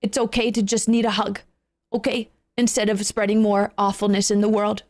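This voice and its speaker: A woman's voice: mid-range voice, flat delivery, normal speed, darkish tone. A woman streamer ranting to her chat, swearing, repeating lines and swinging between anger and playful jokes. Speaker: VTuber streamer. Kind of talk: live stream rant to chat.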